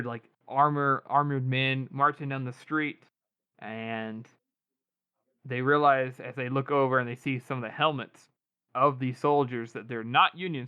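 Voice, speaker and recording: A man co-hosting a podcast, casually retelling scenes from a book with quick quoted lines and laughs. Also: medium pitch, clean tone, highs cut off. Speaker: podcast co-host. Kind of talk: casual book-discussion chat.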